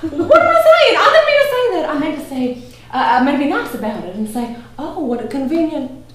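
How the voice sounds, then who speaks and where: A woman acting out a nervous, genteel Southern lady who swoops high and low in a lively, theatrical flutter. The stage recording is heavily echoey and picked up from a distance, with faint hiss. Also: brisk. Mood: giddy, fluttery. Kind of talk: stage play performance.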